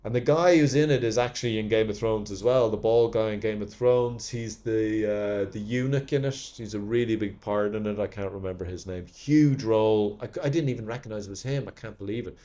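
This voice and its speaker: A man's voice: on the low side, fairly quick, hardly any pauses, mellow. A man, an actor and podcast guest, telling rambling stories from his career in casual chat, swearing freely. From Ireland. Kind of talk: casual anecdotes.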